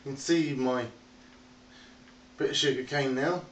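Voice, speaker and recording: Man narrating a casual game tour, slow and rambling, recorded on a distant, echoey phone mic. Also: mid-range voice, fairly even intonation, a little hiss or hum. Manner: rambling, chatty, talks to animals in a playful sing-song. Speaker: video game tour guide.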